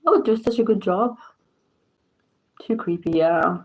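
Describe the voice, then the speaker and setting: A woman's voice: mid-range voice, unhurried, poor audio. A young woman from southern Morocco with a Moroccan accent, chatting casually in a vlog and laughing often. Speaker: vlogger. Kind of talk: casual chat.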